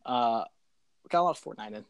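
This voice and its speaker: A man's voice: mid-range voice, animated, quick pace, vocal fry, no echo. Rambling young man, casual podcast co-host. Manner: rambling, hesitant, lots of fillers like "like".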